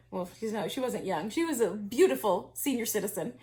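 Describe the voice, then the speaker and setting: A woman's voice: mid-range voice, lively intonation, a little fast, hardly any pauses, darkish tone. A woman reselling vintage finds tells a story in casual chat, laughing often and restarting her sentences. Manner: chatty, laughs often, many fillers and restarts.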